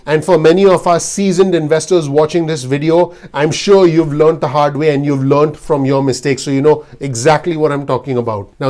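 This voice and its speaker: A man's voice: on the high side, a little mellow. A man giving blunt, earnest investing advice straight to his video audience. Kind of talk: direct-to-camera advice talk.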